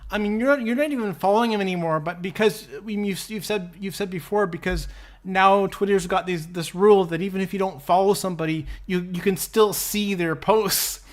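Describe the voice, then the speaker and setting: A man co-hosting a podcast, speaking haltingly with constant restarts and fillers. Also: sits high. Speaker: podcast co-host. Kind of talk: podcast discussion.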